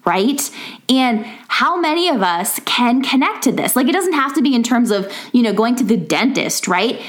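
A woman in her thirties hosting a podcast, giving a casual pep talk from home, chatty and laughing often with lots of filler words. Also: on the high side. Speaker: podcast host. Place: home in a rural area.

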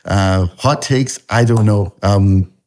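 A man with a Canadian accent touched by a slight Scottish tinge, chatting casually as a podcast guest, pausing on fillers and restarting his sentences. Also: on the low side, darkish tone. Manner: halting, many fillers and restarts, laughs often. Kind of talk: casual interview chat.

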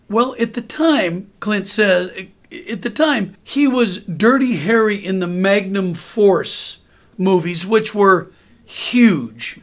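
An older man in his sixties hosts a podcast and tells an anecdote. His voice is fairly high, and his lively storytelling breaks into chuckles. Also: slow. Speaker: podcast host.

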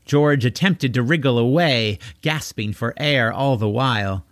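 A man narrating a children's novel, reading in an expressive storytelling manner. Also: mid-range voice, a little slow, no echo, studio quality. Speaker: audiobook narrator. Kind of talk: audiobook reading.

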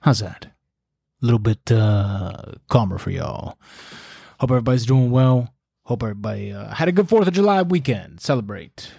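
A man's voice: medium pitch, expressive, normal speed, vocal fry, warm tone, husky, no room sound, clean studio sound. A man giving a casual, folksy faith talk, preachy and full of fillers.

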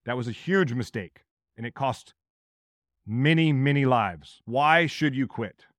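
A man's voice: medium pitch, unhurried, fairly bright tone, dry recording, studio quality. A middle-aged man hosting a solo podcast, talking in an earnest, direct way and repeating questions for emphasis. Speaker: podcast host.

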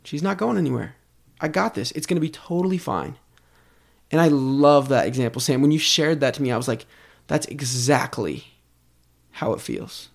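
A man's voice: on the high side, fairly quick, gravelly. Young guy cohosting a faith podcast, upbeat and eager, talks things through. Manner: enthusiastic, building on ideas. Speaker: podcast co-host. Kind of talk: casual faith podcast chat.

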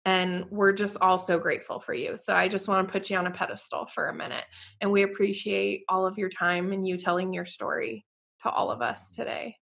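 A woman co-hosting a podcast in casual chat, effusive and warm, full of "like" fillers. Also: mid-range voice, fairly even intonation, fairly quick, creaky. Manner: chatty, quotes her own past thoughts aloud. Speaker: podcast co-host.

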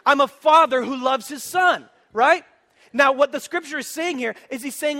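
Brief: male pastor, high bright voice, animated humorous sermon delivery. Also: normal speed. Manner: animated, humorous preaching with direct questions to the congregation.

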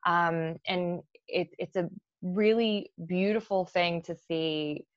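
A woman's voice: lowish voice, fairly even intonation, takes it slowly, no room sound. Woman therapist, dry and muffled. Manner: explanatory, with many fillers and restarts. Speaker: therapist guest. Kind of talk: professional conversation.

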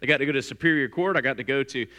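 A middle-aged man, preaching a sermon in a church and telling stories with lively, acted-out voices. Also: mid-range voice, racing. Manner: lively storytelling, acts out voices. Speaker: pastor. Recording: long hall reverb.

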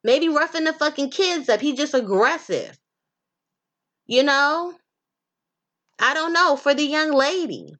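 Woman podcast host, casual profane monologue, animated and direct with listeners. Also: high-pitched, measured pace, long pauses.

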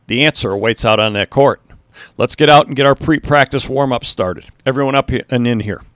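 A man's voice: medium pitch, a little fast, a bit bright, no echo, lightly acted. Guy voicing a pumped-up hs basketball coach, rallying his team, dry close sound. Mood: rousing. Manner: earnest, rousing pep talk. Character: passionate male high school basketball coach.

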